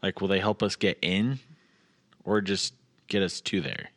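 A man's voice: low-pitched, fairly even intonation, a little slow, a bit bright. A man playing a tabletop game, asking careful, practical questions. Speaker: player. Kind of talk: casual tabletop play.

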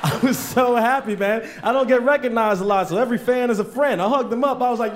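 A man's voice: sits high, fairly quick, a little hiss or hum. A man doing a stand-up set in a comedy club, telling loose stories full of swearing and acting out the people in them. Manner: loose storytelling, swearing, acts out voices.

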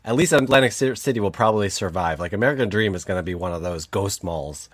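Brief: man from New Jersey, lowish voice, playful and wisecracking in casual chat. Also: animated, fast, no room sound, studio quality. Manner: joking, playful.

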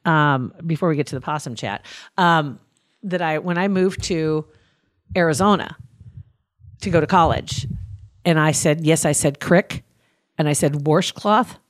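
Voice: mid-range voice, measured pace, long pauses, no room sound, studio quality. A podcast host from Nebraska, chatting casually and laughing often while reading listener mail. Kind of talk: casual chat.

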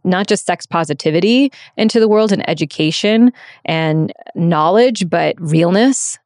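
A sex and relationship coach from the United States, a woman in her thirties, speaks a little slowly in a lowish, darkish voice during a candid interview. Open and reflective, she restarts her sentences often, and the studio-quality recording is dry.

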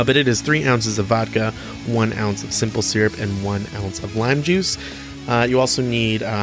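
Young man, podcast host, playful and cheeky, chatty with fillers, mid pitch, faint guitar behind. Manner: cheeky, playful, laughs often, many fillers. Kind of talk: casual solo podcast talk.

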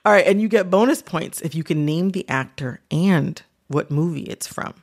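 A woman's voice: lowish voice, lively intonation, moderate pace. A woman hosting a podcast, chatting with her guest in a playful, teasing way and laughing often. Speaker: podcast host. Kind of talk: casual interview chat.

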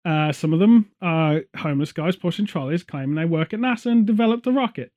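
A man in casual chat as a podcast co-host, ranting sarcastically and telling animated stories. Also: a little high, a little fast, lo-fi sound.

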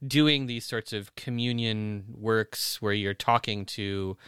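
A man hosting a podcast in casual conversation, easygoing and quick to laugh along. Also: on the low side, fairly bright tone, smooth, no echo, studio quality. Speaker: podcast host.

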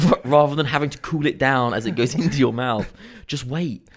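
A man's voice: medium pitch, brisk. A man in his thirties co-hosting a podcast in casual chat, chatty and laughing often. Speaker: podcast co-host.

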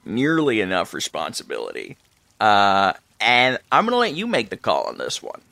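A man playing a vain, eccentric older country club owner in an improvised comedy sketch, talking in a strained, aged put-on voice with pompous, drawn-out emphasis. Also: lowish voice, wildly swooping pitch, vocal fry, pushed and bright, no room sound, exaggerated voice. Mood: mock-sincere. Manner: pompous, self-absorbed, drawn-out emphatic delivery. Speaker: podcast co-host.

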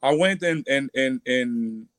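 A man with a Brazilian accent speaks in halting, effusive bursts and often repeats his words. His voice sits at a middling pitch. The sound is dry and close. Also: expressive, fairly bright tone, smooth, no echo. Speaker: guest fighter. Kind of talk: casual interview.

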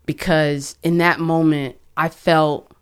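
A woman's voice: low voice, little pitch movement, slow pace, smooth. A young woman sharing a personal testimony as a podcast guest, talking earnestly and emotionally, often stopping and restarting her sentences. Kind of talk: conversational testimony.

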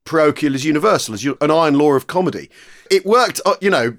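A man co-hosting a podcast, chatty and lively, often repeating quick agreements. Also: on the high side. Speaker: co-host. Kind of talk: casual podcast chat.

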